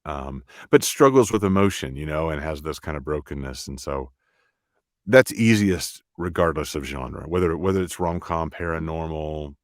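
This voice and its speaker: Man, very deep voice, from the American South, halting speech, dry sound. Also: animated, dry recording. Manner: halting, with many restarts. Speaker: audiobook narrator, guest. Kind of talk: casual interview chat.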